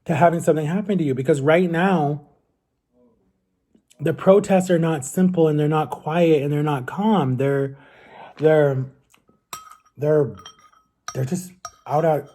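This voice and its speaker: A man's voice: fairly high pitch, dark tone, slight background noise. A young man talking casually to camera at home, earnest and rambling, often restarting his sentences. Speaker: vlogger.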